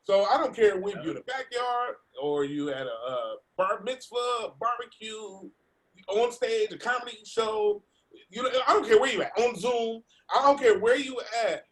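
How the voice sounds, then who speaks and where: A man, a comedian, telling an animated story over a video call, laughing and acting out the voices of other people. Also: very high-pitched, normal speed. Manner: laughing, acts out voices in his stories. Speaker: comedian guest.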